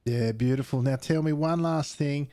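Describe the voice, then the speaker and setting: A man's voice: fairly high pitch, normal speed, warm tone, no room sound, clean studio sound. A man, commentating sim racing and interviewing a driver in an upbeat, chatty way. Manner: upbeat, keeps saying "beautiful" and "mate". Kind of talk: post-race interview and commentary.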